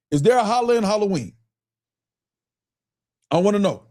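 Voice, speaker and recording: An animated man with a Michigan accent hosts a live stream, reading the chat aloud and laughing often. His voice sits high for a man, and he asks the same question over and over in loose, casual commentary. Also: normal speed. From Michigan, US Midwest.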